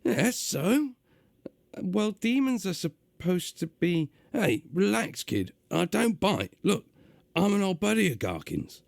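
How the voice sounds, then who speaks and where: Fields: Figure: a man putting on a gruff demon. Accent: London. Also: high-pitched, sing-song, takes it slowly, no echo, studio quality, pitched above the performer's own voice, heavily acted. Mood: exasperated. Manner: gruff, exasperated. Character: gruff male demon magician, impatient and pushy.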